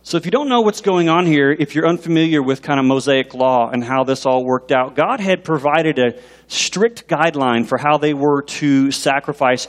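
A man preaching a sermon as a pastor. He talks in an animated way and asks the congregation questions. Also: mid-range voice. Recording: long reverb in a large hall.

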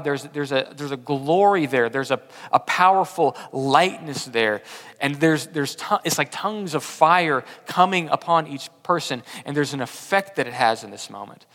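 Pastor preaching in a reverberant hall. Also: male voice, on the high side. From Texas. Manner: repeats words often, swings from loud emphasis to hushed. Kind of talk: sermon.

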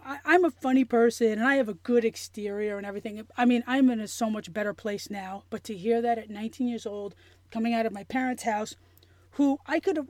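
A woman telling a personal story in an interview, earnest and emotional, halting with many restarts and fillers. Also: fairly high pitch, a little mellow, dry recording. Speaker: interview guest.

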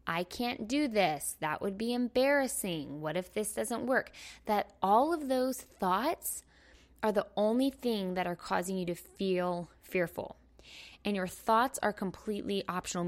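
Chatty, animated woman podcast host. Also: medium pitch. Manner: animated, chatty, self-mocking with frequent laughs. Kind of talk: casual motivational talk.

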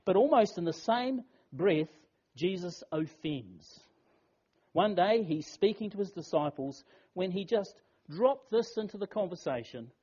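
A man's voice: high voice, animated, a little slow, dark tone, breathy edge. A man giving a funeral sermon, telling the story and asking rhetorical questions in an earnest, emphatic way. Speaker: pastor. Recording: dull lo-fi recording.

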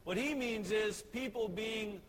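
A man's voice: high voice, a little slow, poor audio. A man with a Texan accent, a pastor giving an evening sermon in a church, telling a story conversationally with many fillers. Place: church sanctuary. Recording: clear background noise.

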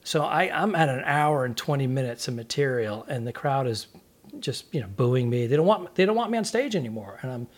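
A man co-hosting a comedy podcast, telling an animated stage story in casual chat. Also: medium pitch, brisk.

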